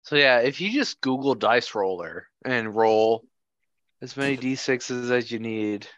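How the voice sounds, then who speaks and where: A man's voice: mid-range voice, lively intonation, unhurried, fairly bright tone, no echo, dull audio. A man playing a tabletop role-playing game, chatting in an offhand, joking way. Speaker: player. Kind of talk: casual chat at a game table.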